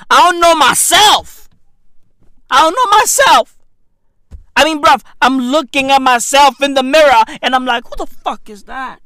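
A man ranting in a profane, rambling comedy monologue, swinging from mumbles to shouts. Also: very high-pitched, smooth, no echo, clean studio sound. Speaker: comedic vlogger.

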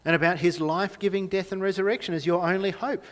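A man's voice: high-pitched, fairly even intonation, quick pace, fairly bright tone. A young man preaching a sermon in a conversational way, often asking the congregation questions. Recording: reverberant hall.

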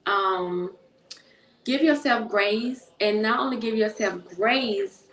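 An earnest woman speaks slowly in a medium, slightly bright voice, repeating phrases for emphasis. She's a mother and book co-author offering encouragement on a panel, recorded by phone in an echoey room.

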